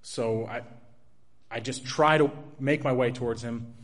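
A man's voice: medium pitch, fairly even intonation. Man telling a personal story. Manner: earnest, halting retelling with restarts and soft laughs.

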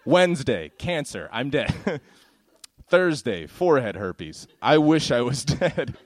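Animated young man telling stand-up stories. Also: mid-range voice, slow. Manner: animated, laughing through his punchlines. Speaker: stand-up comedian. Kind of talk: stand-up storytelling.

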